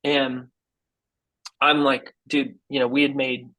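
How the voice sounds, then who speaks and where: Animated man telling a faith story. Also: medium pitch, slow, poor audio. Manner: animated and earnest, says "dude" and "like" often; acts out quoted people in his story. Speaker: guest musician. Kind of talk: casual storytelling in a podcast interview.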